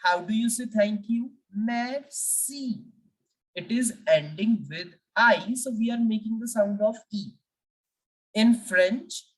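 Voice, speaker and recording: Woman, French teacher, very slow, careful repetition, distant mic. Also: mid-range voice. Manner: slow, deliberate, repeating letters for learners. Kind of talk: language lesson.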